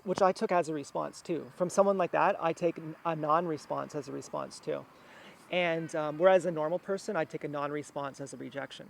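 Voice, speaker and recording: A man with a high, light voice rambles on in a personal monologue, circling back and restarting his sentences. He is recorded outdoors, and faint street and traffic sounds sit behind him. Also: creaky. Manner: meandering, many fillers and restarts. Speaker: vlogger. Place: outdoors near a house.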